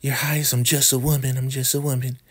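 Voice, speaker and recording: A man voicing a flustered, lovestruck woman in a casual TV recap, with a high breathy falsetto. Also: flat delivery, fast talker, close to an everyday voice. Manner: flustered, gushing confession. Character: lovestruck sneaky woman, adult.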